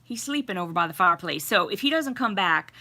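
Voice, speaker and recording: Chatting at a quick pace, this middle-aged woman has a mid-range, expressive voice with some vocal fry. She's hosting a relaxed livestream at home near a fireplace, laughing a lot, reading viewers' comments and welcoming them warmly.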